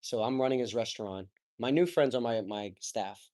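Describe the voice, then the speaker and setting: A man in his twenties, guesting on a podcast, shares a personal story openly and emotionally in a mid-range, darkish voice at a moderate pace. He swears casually and says "like" and "bro" a lot.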